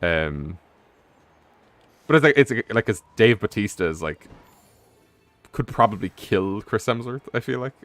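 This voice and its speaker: Gaming on stream, this young man rambles loosely, leaning heavily on filler words and profanity. His lowish voice is expressive and a little bright, unhurried with long pauses, recorded with no echo and faint music behind him.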